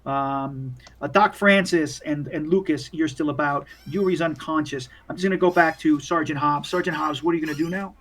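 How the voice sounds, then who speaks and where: A man's voice: a little high, moderate pace, hardly any pauses, fairly bright tone. A young man narrating a horror tabletop game as game master, in a loose, profane, filler-heavy way.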